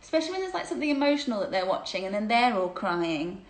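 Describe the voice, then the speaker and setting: A woman's voice: medium pitch, big pitch swings, fast talker, roomy sound, rough recording. A woman hosting a casual livestreamed chat, reading out viewer questions, gushing and chatty and laughing often.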